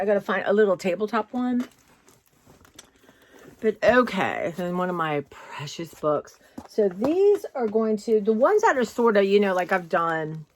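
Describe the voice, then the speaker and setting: A woman vlogging casually from her home, chatty and rambling, often saying "y'all". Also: mid-range voice. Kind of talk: casual chat. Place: home, indoors.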